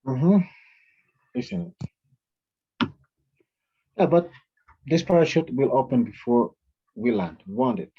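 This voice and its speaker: A man's voice: medium pitch, very animated, slow pace, vocal fry, long pauses, husky, highs cut off. A man teaching an English grammar lesson to a class. He reads out example sentences and calls on students to answer.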